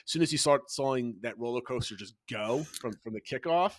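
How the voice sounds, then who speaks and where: A middle-aged father recounts a family trip with animated, restless storytelling, stumbling and restarting his sentences. His voice sits at an ordinary pitch, and the recording is dry and close. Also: fairly quick, dry recording. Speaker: podcast co-host, father. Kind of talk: casual chat.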